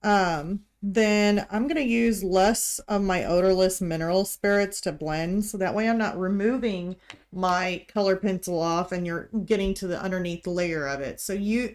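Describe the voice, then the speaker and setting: An art instructor from Missouri, speaking with a light accent in a clean mid-range voice, chats her way through a live painting tutorial. She thinks aloud as she works. A heater hums in the background.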